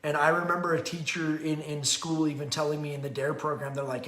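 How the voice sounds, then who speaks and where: A middle-aged man talks about parenting in a loose, rambling way, slipping into quick acted-out quotes. His voice sits a little high for a man. The room around him rings with echo. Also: little pitch movement, a bit bright. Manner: rambling, candid, acts out quotes with laughs. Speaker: podcast host and parenting author. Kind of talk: casual rambling talk. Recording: echoey room.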